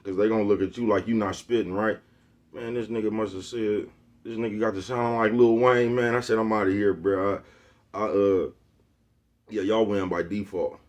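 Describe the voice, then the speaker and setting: A man's voice: on the low side, steady tone, normal speed, a little mellow. A man from Oakland, talking casually to his phone camera, rambling in slang and asking "you know what I'm talking about" again and again. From Oakland, California. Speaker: vlogger. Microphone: phone with Bluetooth earpiece.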